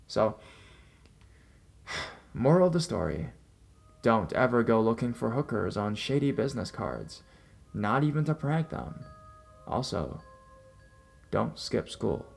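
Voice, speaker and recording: A young adult man calmly reading first-person horror stories as a narrator. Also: medium pitch, gravelly. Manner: calm, measured storytelling. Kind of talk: scripted narration. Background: faint background music.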